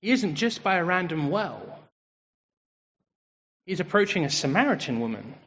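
A high-voiced English man preaching in a relaxed, joking way. His voice rings with a long reverb, as if in a church hall. The sound is a bit dull and muffled. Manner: lively, joking and chatty. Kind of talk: conversational sermon.

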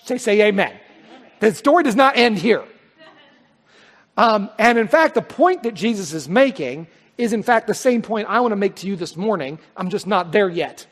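Emphatic preacher in echoing hall. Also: male voice, high-pitched, expressive, moderate pace, a bit bright. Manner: conversational, emphatic, stammering restarts. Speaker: pastor. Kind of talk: sermon with scripture reading. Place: church sanctuary. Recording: long hall reverb.

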